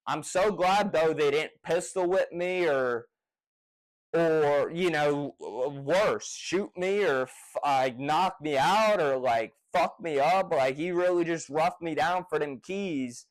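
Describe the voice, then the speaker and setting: Excitable swearing man, slightly high voice. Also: slow pace, poor audio. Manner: profane, rambling, excitable retelling. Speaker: storyteller. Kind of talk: casual personal storytelling.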